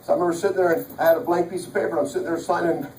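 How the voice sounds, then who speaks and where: With a slightly high, steady, somewhat mellow voice, this motivational speaker fires off his words rapidly while recounting his life and repeating key lines to the crowd. The setting is a large event hall, heard through a distant mic with echo and a bit of hiss or hum.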